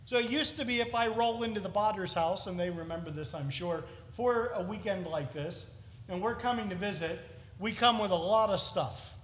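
A man preaching a sermon in a chapel, conversational and animated, with jokey asides. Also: sits high, moderate pace. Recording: long reverb of a large chapel.

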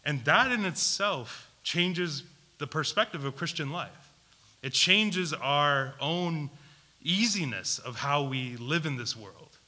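A man preaching a sermon, putting questions to his listeners and repeating key words for emphasis, swinging between loud and hushed delivery. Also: on the high side. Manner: asks the audience questions, emphatic repetition.

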